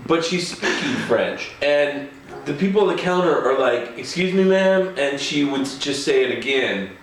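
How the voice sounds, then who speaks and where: A man's voice: mid-range voice, moderate pace, fairly bright tone, a little hiss or hum. A man telling a casual anecdote in a chatty way, often chuckling as he talks. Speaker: storyteller. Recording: echoey room, faint ambience.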